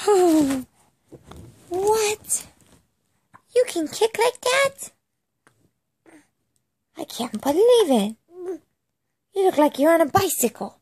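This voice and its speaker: A woman's voice: very high-pitched, big pitch swings, drawn-out words, pauses often, darkish tone. A young mother cooing to her baby in playful, amazed baby talk.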